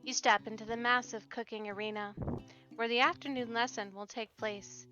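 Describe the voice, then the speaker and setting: A woman's voice: fairly high pitch, fairly even intonation, normal speed, sharp tone. A woman playing through a dating game, reading the narration aloud and making giggly, sarcastic asides. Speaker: let's-play host. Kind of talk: game playthrough with reading and commentary. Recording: dull lo-fi with background game music.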